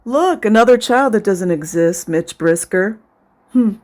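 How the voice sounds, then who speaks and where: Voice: mid-range voice, animated, measured pace, heavy background noise. A video commentator talking casually over footage, sarcastic and indignant, sometimes sounding close to tears.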